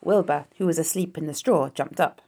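A woman reading a children's novel aloud in a calm, steady storytelling voice. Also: low voice, brisk, breathy edge.

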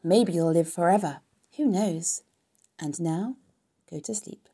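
A woman reading a storybook aloud, voicing a wise and gentle female spider who speaks in a calm, measured way. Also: lowish voice, husky, full character voice. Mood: reassuring.

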